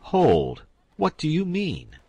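A man's voice: sits low, animated, unhurried, breathy edge, no room sound, full character voice. A man voicing a pompous, self-pitying con-man duke who laments in grand, theatrical phrases. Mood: dramatic.

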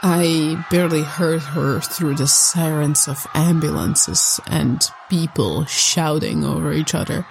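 A woman narrating a scripted first-person story in a solemn, measured reading. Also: deep voice, vocal fry, soft background music, rough recording.

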